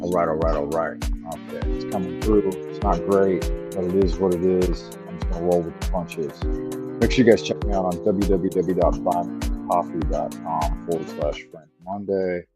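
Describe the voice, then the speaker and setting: A man's voice: low-pitched, steady tone, moderate pace, music in the background. A man hosting a livestream, chatting casually in a rambling, profane, joking way. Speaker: livestream host. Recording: dull lo-fi microphone sound.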